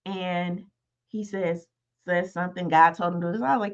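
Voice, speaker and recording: A woman's voice: lowish voice, normal speed, vocal fry, muffled recording. A woman in her thirties giving a casual, conversational motivational talk as host, often checking in with "right?" as she goes. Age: 30s. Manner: conversational, repeats "right?" to the listener. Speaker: podcast host.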